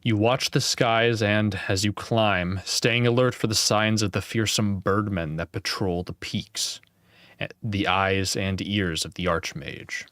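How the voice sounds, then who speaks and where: Young male gamebook reader: low voice, dry close sound, casual and wry. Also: fairly even intonation, a little slow, fairly bright tone, dry recording. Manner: casual, wry, swears and laughs at his own slips. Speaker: gamebook player and channel host. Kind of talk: reading a gamebook aloud with casual commentary.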